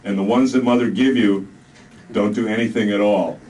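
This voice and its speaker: A man's voice: fairly low pitch, steady tone, darkish tone, natural voice. Man doing a spaced-out stoned soldier. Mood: dreamy. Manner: slow, dreamy sing-song. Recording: distant mic, noisy live room.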